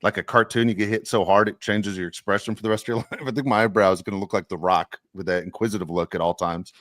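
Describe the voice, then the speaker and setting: A man co-hosting a casual sports podcast, telling rambling, animated stories. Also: fairly low pitch, fast talker, dry recording, clean studio sound. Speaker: podcast co-host; youth baseball coach.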